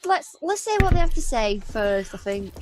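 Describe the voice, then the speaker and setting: A woman's voice: fairly high pitch, background noise. A woman playing a tabletop role-playing game, asking offhand questions. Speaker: player. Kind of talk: tabletop role-play chat.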